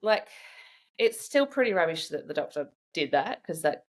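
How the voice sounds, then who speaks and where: A woman in a casual interview, telling personal stories in a chatty, animated way and laughing often. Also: low voice, moderate pace. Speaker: guest sharing her own experience.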